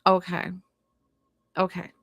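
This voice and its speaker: A woman's voice: slow, no room sound. Chatty woman medium, dry sound. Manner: chatty, filler-heavy, many "like" and "you know"; gentle and consoling while relaying messages. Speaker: psychic medium. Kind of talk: live spirit reading for viewers.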